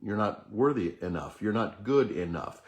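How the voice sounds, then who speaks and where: A middle-aged man with a fairly low, animated voice hosts a motivational talk at a moderate pace. He earnestly guides the listener through affirmations, chanting them repetitively.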